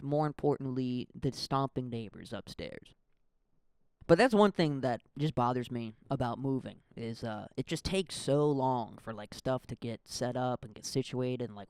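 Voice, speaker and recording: A man's voice: medium pitch, darkish tone, smooth, no echo, studio quality. A young man from the American Midwest hosting a casual solo podcast, rambling and self-deprecating with lots of fillers. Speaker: podcast host.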